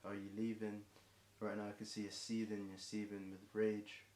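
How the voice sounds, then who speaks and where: A young English man improvising a rambling rhyming freestyle, voice getting hoarse, filling gaps with ums and self-corrections. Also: on the low side, monotone, moderate pace, a little mellow. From England. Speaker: streamer performing a marathon song. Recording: echoey room with faint background noise.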